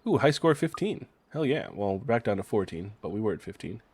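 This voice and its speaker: Chatty excitable male game streamer. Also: fairly low pitch, a little fast, breathy edge, no echo. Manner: chatty and excitable, swears casually. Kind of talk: casual gameplay commentary.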